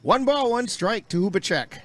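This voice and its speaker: Play-by-play man, slightly higher voice, easygoing folksy baseball calls. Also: moderate pace. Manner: relaxed, folksy asides between pitches. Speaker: play-by-play announcer.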